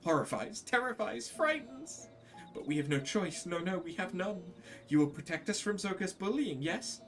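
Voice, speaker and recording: A man's voice: lively intonation, normal speed, fairly bright tone, distant mic, faint music behind. A man putting on a whiny cowering kobold. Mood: pleading. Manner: repetitive, wailing, pleading, pitch jumping high. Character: fretful cowering kobold, male, small. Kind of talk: reading game dialogue aloud.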